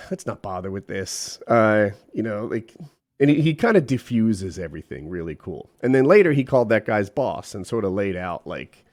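A man's voice: fairly low pitch, moderate pace. A middle-aged man telling a story in casual chat, quoting the people in it and swearing freely. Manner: animated, profane, quotes people in voices.

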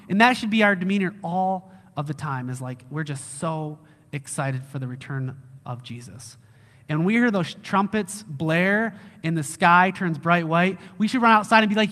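A man preaching with a high, bright, forceful voice. He speaks casually and with animation, and he acts out excited lines. His voice carries the long reverb of a church hall. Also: normal speed. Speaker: lead pastor. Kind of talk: sermon.

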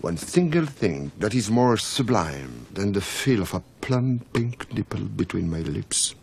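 A man's voice: fairly low pitch, very animated, unhurried, vocal fry, darkish tone, breathy edge, full character voice. An actor playing a lusty, boisterous middle-aged swordsman who declaims boldly in a film clip. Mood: bawdy, boastful. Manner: bold, bawdy, declaiming.

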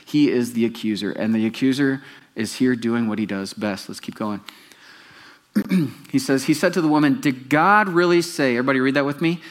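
A pastor preaching a sermon, telling the story with animation and putting questions to the congregation. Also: male voice, mid-range voice, brisk, darkish tone.

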